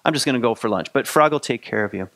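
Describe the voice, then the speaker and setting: A man's voice: mid-range voice, expressive, fast talker, fairly bright tone, no echo. A man voicing a laid-back raccoon guide. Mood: easygoing. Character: friendly knowing male raccoon guide.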